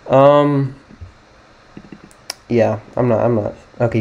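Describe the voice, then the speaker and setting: A young American gaming YouTuber speaks slowly in a steady, mid-range voice with vocal fry, long pauses, and a mellow sound whose highs are cut off. He rambles and thinks aloud during a geography guessing game, teasing himself casually.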